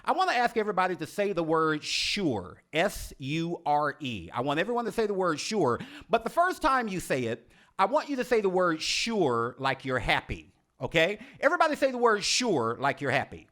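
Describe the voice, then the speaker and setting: A man hosting a leadership video series, talking to the viewer as a coach in an expressive, teacherly way and slowing down for emphasis. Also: high voice. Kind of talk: scripted instructional talk to camera.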